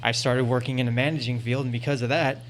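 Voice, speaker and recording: This young man, an audience member at a convention panel, talks fast in a flat, mid-range voice over slight background noise. Holding the panel mic, he rambles earnestly through a casual anecdote, repeatedly saying "you know."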